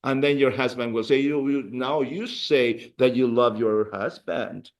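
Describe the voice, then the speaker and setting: A man's voice: mid-range voice, fairly even intonation, a little slow. A man teaching a beginner Spanish class, patiently repeating words for drills and encouraging his students. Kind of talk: classroom language lesson.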